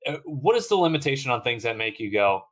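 A man's voice: medium pitch, big pitch swings, fast talker, fairly bright tone. A man co-hosting a podcast in casual chat, laughing often, swearing freely and restarting his sentences. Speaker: podcast co-host.

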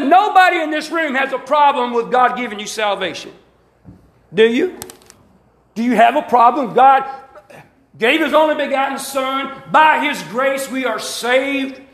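A man with a Southern accent preaching a fervent sermon in church, shouting and calling out to the congregation. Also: very high-pitched, unhurried. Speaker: pastor. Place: church sanctuary. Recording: roomy echo of a church hall.

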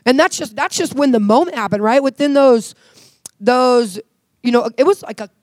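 An earnest woman tells her faith testimony with a high, bright-pitched voice. She talks in a heartfelt, casual way, full of "like" fillers. The sound is close and dry, with no room around it. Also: normal speed, dry recording. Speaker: guest sharing a faith testimony. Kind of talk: personal testimony in conversation.

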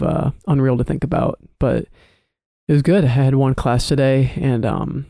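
A college-age man co-hosting a podcast, talking casually and relaxed, often repeating a word as he starts a sentence, recorded on a home microphone. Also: mid-range voice, creaky, dry recording, studio quality. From Chicago area. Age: early 20s. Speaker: podcast co-host. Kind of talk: casual chat.

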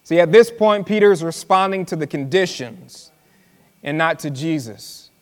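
A man's voice: on the high side, animated. A man preaching a sermon as pastor, drawing words out for emphasis, repeating lines and talking directly to the congregation in a church. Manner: preaching with dramatic slow emphasis and repetition; conversational, tells the congregation to listen. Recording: live sermon with hall reverb.

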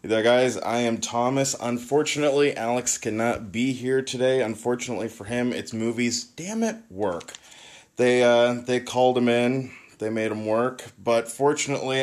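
A man hosting a podcast, joking and rambling in relaxed chat. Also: medium pitch, moderate pace. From United States. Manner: jokey, rambling with restarts. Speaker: podcast host.

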